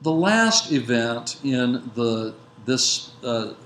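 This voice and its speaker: A man giving a lecture that retells a biblical narrative. He speaks in a measured way, with frequent fillers and self-corrections. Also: medium pitch, lively intonation, fairly bright tone. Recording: roomy echo with faint background noise.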